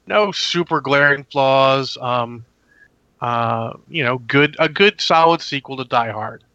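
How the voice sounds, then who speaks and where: A man's voice: mid-range voice, slow pace, sharp tone, no room sound, lo-fi sound. A man hosting a casual movie review chat, talking in a rambling, opinionated way. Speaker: movie review podcast host.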